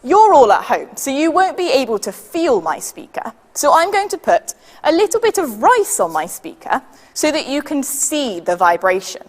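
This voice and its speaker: A woman with a British accent leading a children's science demonstration, patient and lively, counting down for the audience to join in. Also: high voice, moderate pace, in a large hall. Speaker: science workshop leader.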